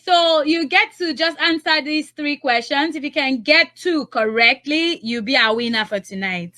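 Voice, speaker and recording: A young Nigerian woman hosting a live radio call-in game, teasing callers, laughing often, and reading phone numbers out slowly. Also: high-pitched, bright, forceful tone.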